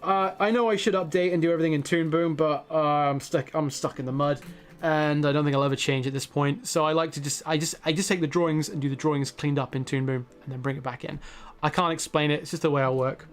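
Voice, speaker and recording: A man hosting a live stream, his voice sitting a bit high and his words tumbling out quickly. He chats casually, rambling and poking fun at himself. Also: steady tone, faint music behind. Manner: rambling, self-deprecating, quick with jokes. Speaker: host.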